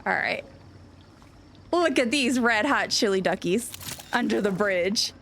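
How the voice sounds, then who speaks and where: A woman game streamer chatting casually on a live stream, gushing and excitable, rambling with lots of restarts. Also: medium pitch, measured pace, a little hiss or hum.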